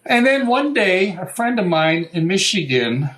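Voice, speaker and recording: An older American man, a guitar maker, telling a story in a lively, casual way, swearing now and then and acting out what people said. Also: high voice, unhurried, low-quality recording. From United States. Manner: animated, swears, acts out quotes. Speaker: guest luthier.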